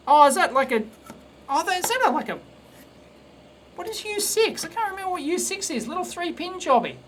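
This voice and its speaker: A man's voice: sits high, a bit bright. Rambling Australian man, blunt, faint noise. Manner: rambling, blunt, full of restarts and stammered repeats. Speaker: electronics video host. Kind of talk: casual live-stream chat while soldering.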